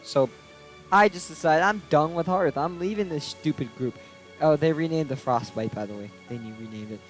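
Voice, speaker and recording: A man's voice: on the high side, normal speed, poor audio. A young man vlogging a casual storytime rant, aggrieved and swearing freely as he recounts a falling-out. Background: soft background music.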